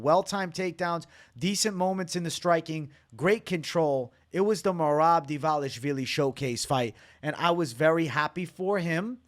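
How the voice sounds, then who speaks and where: A man hosting a fight reaction video, talking loosely and bluntly with plenty of swearing, sounding tired from a very late night. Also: on the high side. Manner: loose, opinionated, swears freely. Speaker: MMA reaction channel host. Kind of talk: casual fight breakdown to camera.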